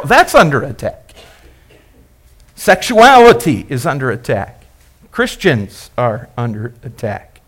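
A male pastor preaching a sermon, emphatic and repetitive, asking the congregation questions and building phrases up, then dropping them low. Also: huge pitch swings, slow pace, pauses often. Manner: repeats and builds phrases, rising and dropping loudness.

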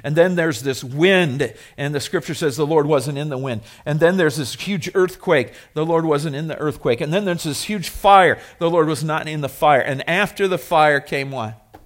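A man preaching a sermon as a pastor, conversational, rising to emphatic stretches and dropping soft. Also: on the high side, normal speed.

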